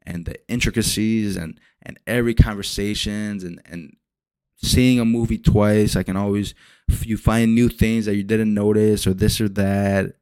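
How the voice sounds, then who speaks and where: Young man ranting casually, low voice, dry sound. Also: moderate pace, clean tone, dry recording. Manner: rambling, profane, animated retellings. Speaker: podcast host. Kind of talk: casual solo podcast rant.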